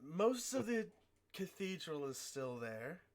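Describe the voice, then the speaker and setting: A man's voice: fairly high pitch, big pitch swings, pitched above the performer's own voice, heavily acted. A man playing a proud old fighting grandmaster. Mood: brisk. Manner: talkative, rambling, with halting fillers. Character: proud veteran male fighting grandmaster, brisk mentor.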